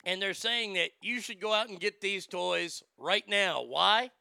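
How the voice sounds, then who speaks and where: A man's voice: high voice, a little slow, creaky, pushed and bright, no echo. A middle-aged man hosting a casual talk show, telling stories in a wisecracking, profane way. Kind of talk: casual talk radio banter.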